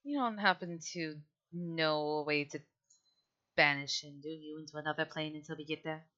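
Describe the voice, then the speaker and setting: A weary young woman adventurer with a dry, sardonic way of talking, as a woman playing her puts her on. Her voice is bright, and the mic is a little dull and lo-fi. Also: sits low, steady tone, moderate pace, pitched below the performer's own voice.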